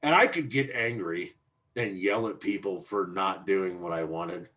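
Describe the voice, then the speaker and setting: A man's voice: deep voice, measured pace, bright, forceful tone. A man hosting a podcast in casual chat, talking in a brash, crude and provocative way. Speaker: podcast host.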